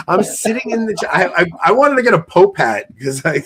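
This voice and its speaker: A man's voice: high-pitched, very animated, moderate pace, a bit bright. A man hosting a casual trivia show over a video call, joking and laughing between the questions he reads out. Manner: jokey, laughs often, reads questions aloud. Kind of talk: casual quiz-show banter.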